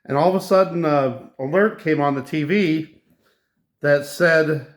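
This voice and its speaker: A man hosting his own channel, recounting a dream in a slow, halting casual monologue with many restarts. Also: on the high side. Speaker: channel host.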